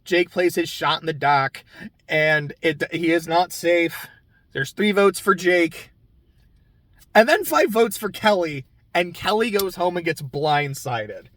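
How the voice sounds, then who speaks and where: A man's voice: on the high side, expressive, slow, fairly bright tone, no echo. A man giving a casual, candid recap of a reality TV episode, chatty and swearing freely.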